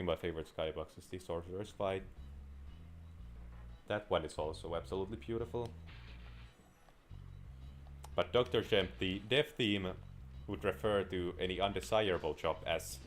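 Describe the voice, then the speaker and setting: A man's voice: deep voice, a little hiss or hum. A young man giving rambling, self-mocking commentary while he plays a game. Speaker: gameplay commentator. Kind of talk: casual gameplay commentary.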